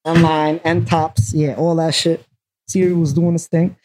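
Mellow, laid-back New man. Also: a little high, level tone, takes it slowly, a little hiss or hum. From Brooklyn. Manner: laid-back, repeats himself. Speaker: guest. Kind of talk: casual podcast chat.

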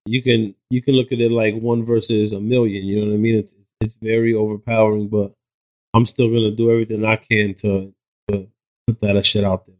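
A man's voice: fairly low pitch, little pitch movement, brisk. A man from New Jersey, a hip hop artist guest, talking earnestly and motivationally in casual chat, with some swearing.

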